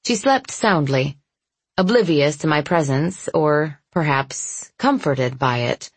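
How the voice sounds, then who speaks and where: A woman narrating a first-person story in a soft, intimate, measured way. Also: sits low, no room sound. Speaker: audiobook narrator.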